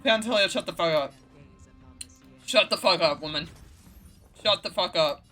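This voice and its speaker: A man's voice: high-pitched, normal speed, bright, forceful tone, faint music behind. A man ranting profanely and indignantly while commentating a game playthrough. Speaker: gaming streamer. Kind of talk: let's play commentary.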